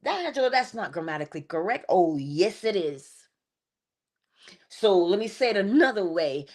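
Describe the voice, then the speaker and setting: A middle-aged woman hosts a morning spiritual livestream from home, talking in an animated, preacher-like way. Her pitch swoops up and down with lots of expression, and she breaks into asides as she goes. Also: moderate pace. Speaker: host of a morning inspiration livestream. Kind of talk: spiritual talk and livestream greetings.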